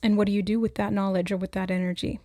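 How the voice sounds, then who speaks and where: A woman giving a spontaneous spiritual reading, musing aloud with hesitant pauses as she relays what she senses. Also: mid-range voice, level tone, warm tone, no room sound, studio quality. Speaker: intuitive oracle reader.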